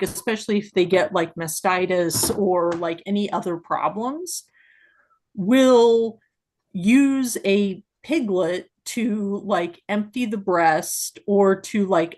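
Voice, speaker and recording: A woman co-hosting a casual discussion podcast, explaining at length with many fillers and growing animated when she makes a point. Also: medium pitch. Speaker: podcast co-host.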